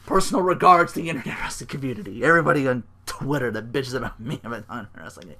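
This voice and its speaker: A man hosting a solo podcast, recapping in a rambling, profane, excitable way. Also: mid-range voice, very fast, gravelly, few pauses. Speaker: podcast host.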